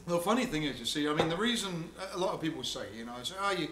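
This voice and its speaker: A man's voice: on the high side, animated, fast, reverberant, noisy background. A man from England with an English accent, chatting casually between songs and mimicking singers in bursts.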